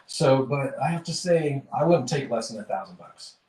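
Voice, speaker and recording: A man voicing a down-on-his-luck male drunk vagabond who schemes, in a high drawl. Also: expressive, normal speed, a little mellow, natural voice. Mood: scheming. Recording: roomy, distant mic.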